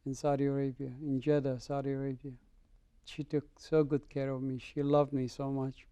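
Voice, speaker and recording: A man's voice: medium pitch, moderate pace, smooth, no echo. A middle-aged man from the Middle East, a guest telling his conversion story in an interview and acting out the dialogue. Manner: animated storyteller, acts out dialogue. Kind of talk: personal testimony in an interview.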